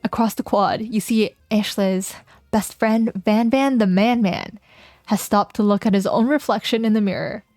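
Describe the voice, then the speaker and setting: Reading a dating game's text aloud, a playful woman streamer laughs frequently and chats casually with her viewers between lines. She has a mid-range, slightly mellow voice at normal speed, recorded in studio quality with no room sound.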